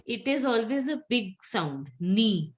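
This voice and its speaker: A woman's voice: mid-range voice, unhurried, fairly bright tone, slight background noise. A woman teaching French pronunciation in a live class, patiently repeating words for students to echo and calling on them by name. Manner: calls on students by name and praises.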